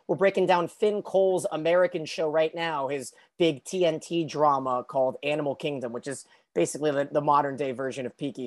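A man hosting a podcast in casual chat, talking loosely and often correcting himself. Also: on the high side. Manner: chatty, loose, self-correcting. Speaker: podcast host.

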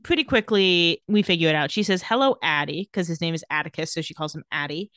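A woman's voice: deep voice, a bit bright, no room sound, studio quality. A woman co-hosting a podcast, casually retelling a TV episode and lightly acting out the characters' lines. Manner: playful, quick to laugh, acts out quotes lightly. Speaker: podcast co-host recapping a TV episode. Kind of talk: casual chat, retelling scenes.

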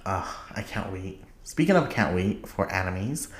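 A young man hosting a podcast in casual chat, excitable and rambling, laughing often and filling pauses with ums and uhs. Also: low voice. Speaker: podcast host.

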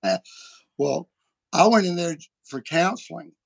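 A man hosts a casual podcast, telling stories in an animated, folksy way. His voice sits fairly high and has a gravelly edge. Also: a little slow. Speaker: podcast host. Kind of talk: casual chat.

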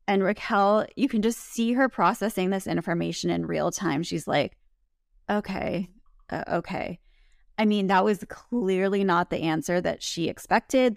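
A woman's voice: lowish voice, creaky, dry recording, studio quality. A woman co-hosting a podcast, chatting casually and animatedly as she retells scenes. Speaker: podcast co-host. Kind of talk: casual recap chat.

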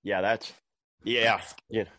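A man's voice: on the low side, level tone, slow pace, sharp tone, no room sound. A man hosting a casual chat, telling stories in a loose, colloquial way, swearing and laughing often. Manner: colloquial storyteller.

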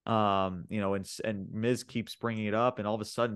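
A man's voice: on the low side, steady tone, a little fast, clean tone, no room sound. Profane laughing podcast guy, dry sound. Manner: profane, laughing, heavy fillers. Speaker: podcast co-host. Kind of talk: casual wrestling podcast chat.

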